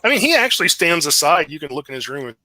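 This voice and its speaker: A man narrating as game master, relaxed and chuckling. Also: a little high, fast talker, a crowd in the background.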